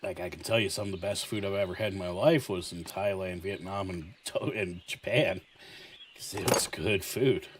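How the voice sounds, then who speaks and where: A man's voice: low voice, moderate pace, noisy background. A man hosting a gaming channel, telling a rambling, profane story full of fillers. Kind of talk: casual storytelling while playing.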